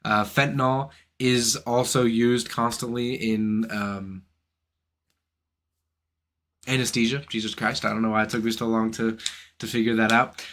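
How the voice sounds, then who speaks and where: A young man running a philosophy channel rants indignantly to camera, swearing and firing off rhetorical questions. His medium-pitched voice has a steady, fairly bright tone, and he speaks unhurriedly with frequent pauses.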